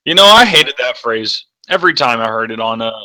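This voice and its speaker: A man's voice: medium pitch, expressive, fairly quick, pushed and bright. A young man co-hosting a casual gaming podcast, rambling and swearing, often correcting himself. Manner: rambling, crude, self-correcting. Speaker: co-host. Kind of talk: casual chat.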